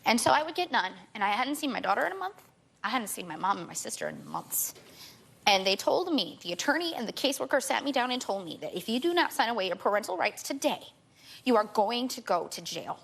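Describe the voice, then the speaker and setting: A woman in her twenties, a talk show guest, rushing through an emotional personal account and repeating herself as she pleads her case. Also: on the high side, very animated, vocal fry, fairly bright tone, breathy edge.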